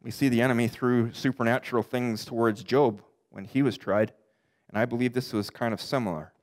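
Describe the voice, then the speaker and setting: A middle-aged pastor preaching a sermon earnestly, his voice climbing for emphasis and sinking low for the darker points. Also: steady tone. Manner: earnest preaching, rising and dropping in pitch for emphasis; quotes scripture in slow deliberate voice.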